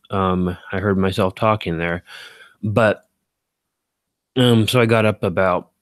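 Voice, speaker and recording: Man, low voice, casual streamer chat, rambling, many ums and restarts, self-mocking, dry sound. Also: unhurried, no echo. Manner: rambling, full of fillers and self-corrections; self-deprecating, chatty. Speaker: live streamer. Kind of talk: casual live-stream chat, reading viewer comments.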